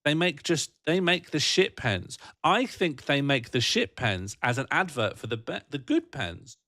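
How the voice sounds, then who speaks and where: A man's voice: a little high, very animated, unhurried, bright, forceful tone, no echo, studio quality. A British man hosting a livestream, chatting casually and reading out viewer comments in a rambling, jokey, self-mocking way. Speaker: livestream host.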